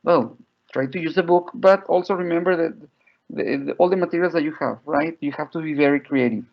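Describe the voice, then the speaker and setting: Guy running a teacher webinar, bit gravelly, kinda higher voice, dull lo-fi sound. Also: fairly quick. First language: Spanish. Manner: chatty, frequent "right?" and "like". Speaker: teacher trainer. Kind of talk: online teacher training webinar. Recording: dull lo-fi audio.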